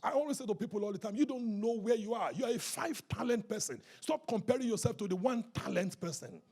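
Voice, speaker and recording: A pastor preaching a rousing sermon at a church service, calling out to the congregation and often shouting. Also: male voice, high-pitched, animated, quick pace.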